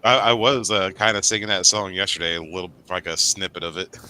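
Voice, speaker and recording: A man's voice: sits low, quick pace, bright, forceful tone, slight background noise. A man who is a guest on a casual live-stream chat, giggling often and breaking into hummed or scatted tunes. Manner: giggly, hums and scats tunes.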